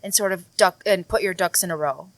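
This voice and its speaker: A woman's voice: fairly low pitch, brisk, dry recording. Giggly female podcast co-host. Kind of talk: casual chat.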